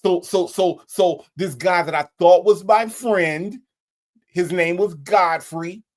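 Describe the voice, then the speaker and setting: A streamer voicing a dim, slangy man who rambles to his lawyer, filling every pause with "you know what I'm saying". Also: mid-range voice, close to an everyday voice. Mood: boastful rambling.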